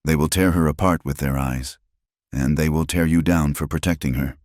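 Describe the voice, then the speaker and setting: This is a frank, no-nonsense saloon owner woman, as a man reads her. She presses her warnings bluntly and plainly. The voice stays deep, and the sound is close and dry. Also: fairly even intonation, moderate pace, darkish tone, no echo. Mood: urgent. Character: sharp-tongued blunt female saloon owner.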